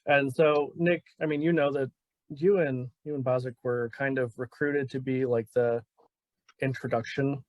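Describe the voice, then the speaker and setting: A man running a tabletop role-playing session in a casual, laid-back way, often pausing on fillers. His voice is mid-pitched and sounds dry, close and direct. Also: steady tone, no room sound. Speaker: game master. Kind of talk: narrating a tabletop game.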